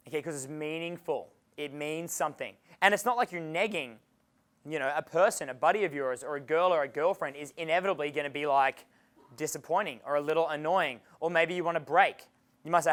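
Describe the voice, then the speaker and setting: A man's voice: a little high, a little fast, fairly bright tone. A male dating coach giving a live seminar lecture to an audience. He speaks casually and bluntly, swears often, and chuckles between points.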